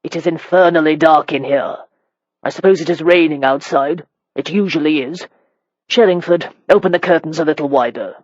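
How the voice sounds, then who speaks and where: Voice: medium pitch, normal speed, dry recording, dull audio, lightly acted. A reader voicing a blunt, commanding elderly marquis in an audiobook. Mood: gruff. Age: older. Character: gruff elderly male marquis, imperious and sharp-tongued. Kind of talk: audiobook character reading.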